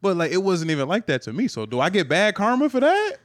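A man's voice: high voice, fast, no echo, studio quality. A young man co-hosting a podcast in casual chat, telling stories with lots of slang and frequent laughter. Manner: animated storyteller, laughs often, slangy. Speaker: podcast co-host.

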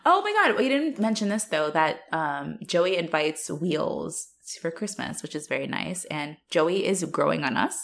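A young woman co-hosting a podcast, recapping a show in casual chat, animated and profane, laughing as she acts out the characters. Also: low-pitched, a little slow, creaky, few pauses. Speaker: podcast co-host.

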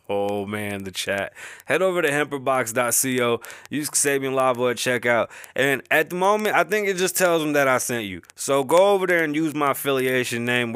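A man with a Bronx New York accent hosts his podcast in a loose, rambling way, wandering off topic, cursing and laughing. His mid-pitched voice sits close on the microphone in a dry, dead-sounding room. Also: a bit bright, clear, resonant tone, no room sound. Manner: rambling, easily sidetracked, swears and laughs often. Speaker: podcast host. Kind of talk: casual podcast chat. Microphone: close-up podcast mic.

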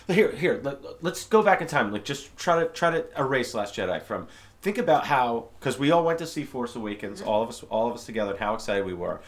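Host, opinionated geek, expressive up-and-down delivery. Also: male voice, mid-range voice, a little fast. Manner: opinionated, geeky, given to tirades. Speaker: podcast host. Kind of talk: casual chat.

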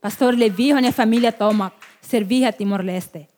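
A woman's voice: on the high side, brisk, darkish tone. A woman interpreting a sermon phrase by phrase, mixing in Portuguese words as she goes.

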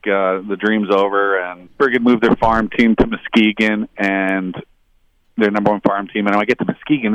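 A man's voice: fairly bright tone, low-quality recording. A middle-aged man, a former hockey player, telling long casual anecdotes, rambling and quoting others. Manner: rambling anecdotal, quotes others in higher voices. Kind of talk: casual storytelling.

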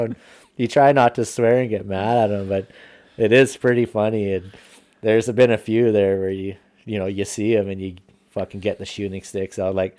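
A man telling hunting stories in casual podcast chat, profane and animated. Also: fairly low pitch, normal speed.

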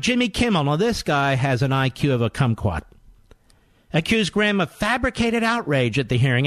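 A man's voice: on the high side, fairly bright tone, no room sound, studio quality. A middle-aged man hosting a political talk radio show in a mocking, combative monologue.

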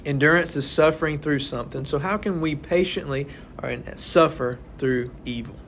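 A young man guides a casual Bible study, chatting with the small group in an informal sermon and asking "right?" again and again. His voice is a little high and fairly bright, with a moderate pace. A little hiss or hum sits under the recording.

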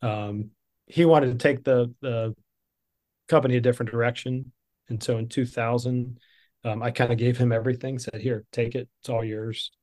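A man's voice: medium pitch, steady tone, normal speed, darkish tone. A man in his fifties, a business coach being interviewed, telling a personal story in an earnest, conversational way.

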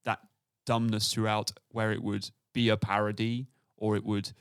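A man's voice: on the low side, level tone, normal speed, clean tone, dry recording, clean studio sound. A man co-hosting a podcast, chatting casually about a film and laughing often as he talks. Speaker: podcast co-host.

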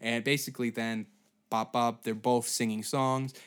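A young man hosting a comedic podcast, telling a story as a profane, rambling monologue that keeps breaking into shouted asides. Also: mid-range voice, flat delivery, moderate pace, clear, resonant tone. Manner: profane, riffing, jumps into goofy put-on voices and shouts. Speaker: podcast host.

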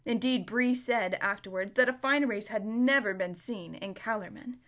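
A woman reading a storybook aloud in a steady, measured way, with the odd small slip. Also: mid-range voice. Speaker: narrator.

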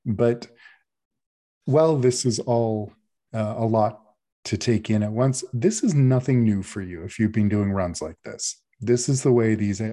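Slow, low-voiced man narrating as game master. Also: dark tone. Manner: descriptive, with frequent fillers.

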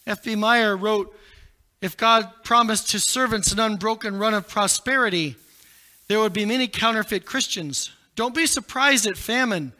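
Male preacher, really high sharp voice, goes loud then drops low. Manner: dramatic, rising to shouts and dropping low. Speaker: pastor. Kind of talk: sermon.

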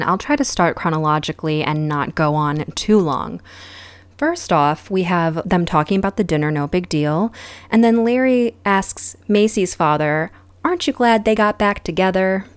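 A woman's voice: fairly low pitch, clear, resonant tone, no echo. A woman hosting a podcast, recapping a reality show in a casual, sarcastic and profane way. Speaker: podcast host.

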